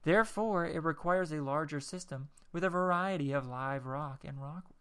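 A man's voice: a little high, moderate pace, fairly bright tone, clean tone. A man hosting a casual solo podcast, reading text aloud in a rambling, jokey way and tripping over words. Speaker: podcast host.

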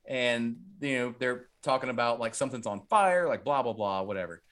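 A man's voice: medium pitch, brisk, a bit bright, clear, resonant tone. Rambling man on a podcast. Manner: rambling, filler-heavy, jokey. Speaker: podcast co-host. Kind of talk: casual movie recap chat.

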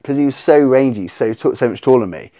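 A man, a podcast guest telling animated stories in casual chat, swearing freely and acting out his own reactions. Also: medium pitch, fast talker.

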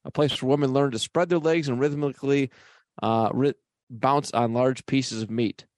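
Deadpan podcast guy. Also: mid-range voice, normal speed, no echo, clean studio sound. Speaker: podcast co-host. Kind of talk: casual comedic banter.

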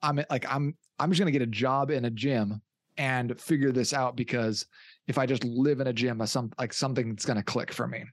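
A male fitness coach guesting on a podcast, telling stories in an animated, jokey way. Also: medium pitch, a little fast, no room sound, clean studio sound. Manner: animated, jokey storyteller who acts out quotes. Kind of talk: casual interview storytelling.

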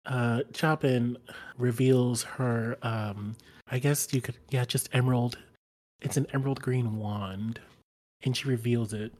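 A player describing actions with giggles and quick, excitable asides in a tabletop game. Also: medium pitch. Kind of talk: casual tabletop play.

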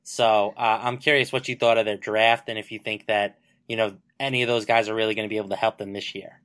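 A man co-hosting a sports betting podcast, giving relaxed analysis with lots of fillers. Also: fairly low pitch, quick pace, clear, resonant tone. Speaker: podcast co-host. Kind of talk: casual sports betting chat.

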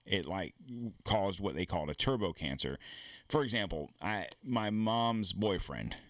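This podcast host's low, expressive, fairly bright voice moves at a measured pace with no room sound. He rambles through a casual rant on his own show, blunt and profane, with many false starts.

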